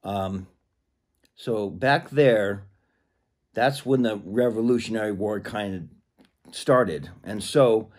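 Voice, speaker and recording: A man talking casually to camera in a rambling way, clearing a frog from his throat. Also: on the low side, slow, long pauses, a little mellow. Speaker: vlogger.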